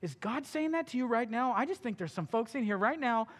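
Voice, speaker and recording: A man with a high voice preaching a sermon, his words ringing with the long reverb of a big hall. He is impassioned and swings between loud urgent stretches and hushed ones. He drops in casual asides like a friend talking. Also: lively intonation, fairly quick. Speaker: pastor.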